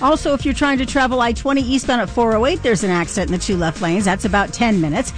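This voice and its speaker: A woman giving a radio traffic report in a brisk, matter-of-fact way. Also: fairly high pitch, soft background music.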